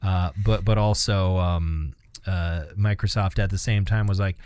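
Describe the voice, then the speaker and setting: Low smooth-voiced podcast co-host, rambling. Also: male voice, steady tone, unhurried, darkish tone, dry recording. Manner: rambling, profane, laughs at his own stories. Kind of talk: casual chat.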